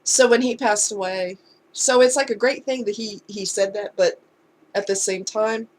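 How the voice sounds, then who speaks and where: A woman's voice: medium pitch, fairly even intonation, normal speed, darkish tone. A woman speaks in a candid, heartfelt storytime vlog. Her voice sits in an ordinary middle register, and she talks in a loose, conversational way. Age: adult. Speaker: vlogger. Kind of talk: casual storytime chat.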